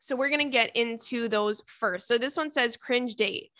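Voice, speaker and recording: A woman's voice: a little high, normal speed, bright, forceful tone, dry recording, studio quality. A young woman hosting a podcast in casual, chatty talk, reading listener emails aloud with lots of fillers and swearing. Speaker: podcast host.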